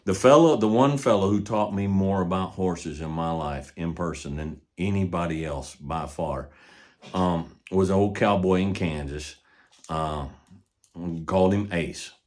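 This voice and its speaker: An older man with a very low, deep voice talks about horses in a relaxed, folksy manner. He tells stories at an easy pace, and his voice often falls to a quiet murmur at the ends of thoughts. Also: measured pace. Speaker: horse trainer. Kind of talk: casual teaching talk.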